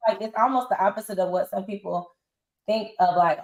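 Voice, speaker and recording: A woman's voice: medium pitch, fairly quick. A woman in her forties telling stories in a casual interview, acting out what others said. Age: 40s. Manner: animated storyteller acting out quotes. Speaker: interview guest. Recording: roomy echo.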